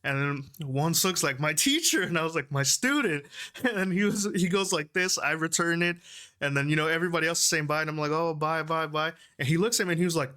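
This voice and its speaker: Excited man telling a concert story. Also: quick pace, smooth. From Houston, Texas. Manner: animated, laughing, jumps into high excited voices when quoting. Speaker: concert-going fan. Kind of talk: casual storytelling vlog.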